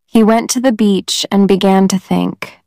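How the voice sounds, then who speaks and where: Female narrator, slow and careful, dry close recording. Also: medium pitch, gravelly, clear, resonant tone, no room sound. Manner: slow, careful, even reading for learners. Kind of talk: slow graded-reader story narration.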